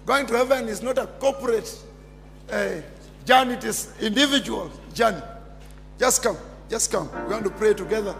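A man preaching a sermon as pastor, emphatic and repetitive, bursting into shouts. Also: high voice, moderate pace, creaky. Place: church. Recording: long church reverb with music behind.

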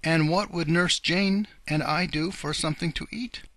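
A man voicing a kindly old rabbit gentleman who speaks in a polite, old-fashioned, earnest way. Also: on the high side, moderate pace, no echo, pitched above the performer's own voice, close to an everyday voice. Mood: worried.

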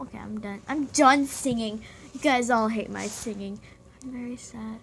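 A woman's voice: on the high side, steady tone, normal speed, gravelly, slight background noise. A young woman rambling and giggling as she chats through her game recording. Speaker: gaming vlogger. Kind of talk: casual chat while playing a game.

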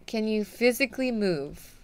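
A woman's voice: medium pitch, animated, normal speed, smooth. A young woman streaming a video game, chatting to the game characters and laughing often as she plays. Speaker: VTuber streamer. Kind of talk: live gameplay commentary.

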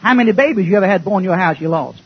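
Brief: male preacher, high and husky, folksy, joking, sometimes shouting, old lo-fi church tape. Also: expressive, rapid-fire. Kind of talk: fiery sermon. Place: church before a congregation.

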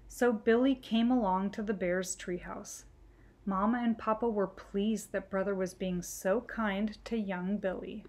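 Gentle woman reading a storybook. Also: mid-range voice, fairly even intonation, measured pace. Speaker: storytime reader. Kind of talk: children's book read-aloud.

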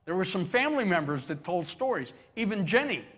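Brisk and very animated, this pastor's high, somewhat bright voice carries through a church sanctuary with long reverb. He acts out quotes with chuckles while telling his stories animatedly.

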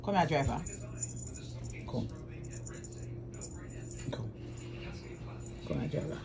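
A woman's voice: deep voice, animated, slow pace, vocal fry, very noisy. A woman, vlogging as she coaxes her cats to play in a sing-song, repetitive way. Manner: coaxing, sing-song, repeats commands. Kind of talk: casual talk to her cats.

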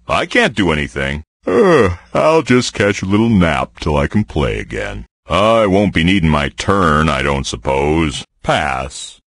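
A man voicing a friendly, folksy male bear card player in game voice clips, joking and breaking into high excited yelps. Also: slightly rough, dry recording, exaggerated voice. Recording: dry close studio voice.

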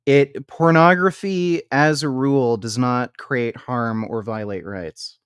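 A man rants on a reaction stream, blunt and profane, scornful of what he watches. His voice is smooth and resonant and the sound is dry and close. He stumbles into restarts when worked up. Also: mid-range voice, slow pace, no room sound.

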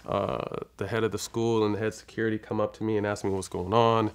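A man's voice: fairly low pitch, level tone, fast talker, clear, resonant tone. A man from California, a guest in an interview, telling a long personal story frankly and with profanity, acting out the dialogue as he goes. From California, USA. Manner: rambling, with frequent restarts.

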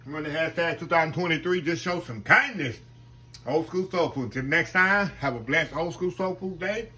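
A man's voice: on the high side, normal speed, sharp tone, low-quality recording. A man hosting a casual home cooking vlog, folksy and chatty, often calling out to viewers as y'all. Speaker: home cooking channel host.

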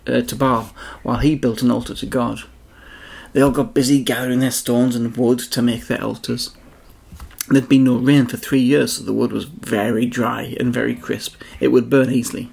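Gravelly-voiced man telling a children's story. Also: mid-range voice. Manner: expressive, addresses children directly. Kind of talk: children's Bible story narration.

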